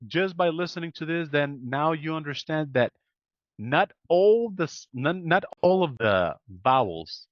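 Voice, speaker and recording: A man's voice: on the high side, expressive, unhurried, no echo, highs cut off. A man teaching English pronunciation one-on-one, patiently correcting and modeling sounds on a video call.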